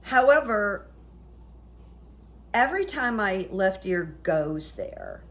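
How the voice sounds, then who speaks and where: This middle-aged woman is a psychic YouTuber chatting casually on her vlog. Her mid-range voice is very animated yet slow, and she rambles through stories with plenty of fillers.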